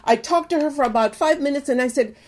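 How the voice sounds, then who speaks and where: High-voiced older woman preaching testimony. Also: quick pace, darkish tone. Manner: earnest storytelling, exhorting listeners.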